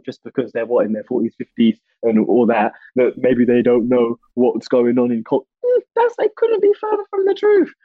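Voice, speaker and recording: A young man in his twenties speaking passionately as an interview guest, often restarting his sentences and rising in pitch when animated. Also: dry recording, dull audio. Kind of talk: candid conversational interview.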